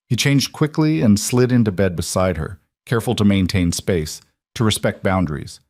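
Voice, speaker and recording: A man narrating a romance story in a calm, steady scripted reading. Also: lowish voice, normal speed, dry recording, clean studio sound.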